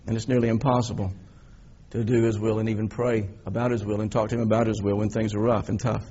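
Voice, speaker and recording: A man preaching a sermon as a pastor, telling the story in an animated way and swinging between loud emphasis and quiet reflection. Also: fairly low pitch, quick pace, husky, lo-fi sound.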